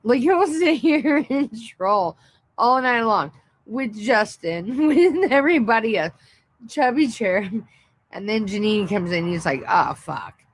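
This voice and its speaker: A woman's voice: a little high, animated, a little slow, poor audio. A woman hosting a casual livestream, swearing freely and laughing helplessly between lines. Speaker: livestream host. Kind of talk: casual live-stream chat.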